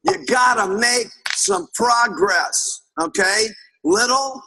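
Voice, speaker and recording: A man's voice: very high voice, very animated, takes it slowly, creaky, bright, forceful tone, breathy edge, poor audio. A man giving a motivational sales talk, telling emphatic stories and often checking in with his listeners. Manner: emphatic storytelling, keeps asking "okay?". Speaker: sales trainer.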